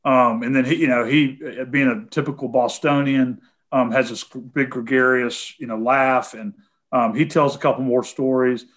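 A man's voice: medium pitch, fairly even intonation, moderate pace, a bit bright. A man with a Tennessee accent answering callers' questions in a casual conversation, hesitating often with "um" and "you know".

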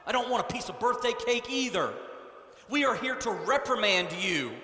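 A man voicing an indignant, stern church committee chairman who talks loudly and scolds in exasperation. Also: extremely high pitch, sing-song, a little slow, exaggerated voice. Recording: echoey hall.

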